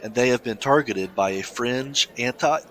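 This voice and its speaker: A man co-hosting a casual podcast, talking in halting starts and restarts and reading a news story aloud. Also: mid-range voice, fairly bright tone. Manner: halting, many restarts, laughs easily. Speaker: podcast co-host.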